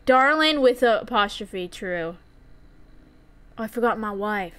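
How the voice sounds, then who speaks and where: A young woman live-streaming a farming game, chatty and excitable, often giggling and reacting out loud. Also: on the high side, unhurried, smooth.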